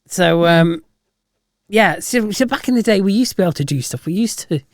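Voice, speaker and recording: A man's voice: high-pitched, lively intonation, fairly quick, no echo. A man co-hosting a podcast in casual chat, easygoing and dry. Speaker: podcast co-host.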